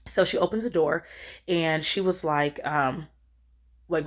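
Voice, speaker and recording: A woman's voice: sits low, a little slow. A woman in her thirties telling a personal story in a rambling, earnest way, acting out what each person said. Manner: rambling, earnest, acts out quoted lines. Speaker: storyteller vlogger. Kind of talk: casual storytime.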